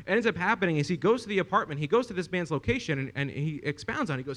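Animated young male preacher, fairly high voice. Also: rapid-fire, hardly any pauses. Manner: animated storytelling with rhetorical questions to the congregation. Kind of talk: sermon.

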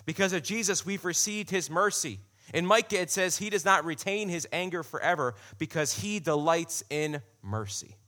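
A man delivers a sermon in an easy, conversational style and comes back to key phrases for emphasis. His voice is bright and ringing, and it sits a little high for a man. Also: moderate pace. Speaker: preacher.

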